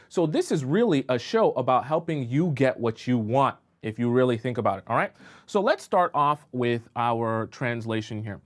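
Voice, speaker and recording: A man talking as a dating coach on a live-stream advice show, conversational and often checking in with his audience. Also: mid-range voice. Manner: conversational, checks in with rhetorical questions.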